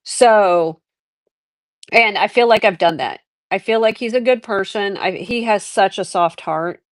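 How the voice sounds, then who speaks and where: With no echo and an unhurried, mid-range voice, a middle-aged livestream host tells her life story. She's candid and reflective, meandering through the casual chat and restarting often.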